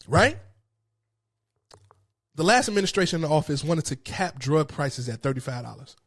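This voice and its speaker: Fired-up man ranting about prices. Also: fairly high pitch. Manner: passionate, frustrated ranting. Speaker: host. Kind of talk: political commentary monologue.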